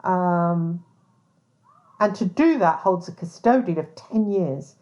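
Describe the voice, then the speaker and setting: A woman's voice: lowish voice, lively intonation, slow pace, darkish tone. A woman hosting a podcast, talking bluntly in a casual monologue, with lots of swearing, "um"s and restarts. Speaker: podcast host, private investigator. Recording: dull lo-fi sound.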